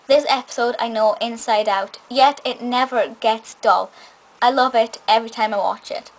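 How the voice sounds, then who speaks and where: A woman's voice: a little high, steady tone, moderate pace, low-quality recording. A young woman giving an enthusiastic, chatty spoken review of a TV episode, often restarting her sentences. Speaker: film and TV reviewer.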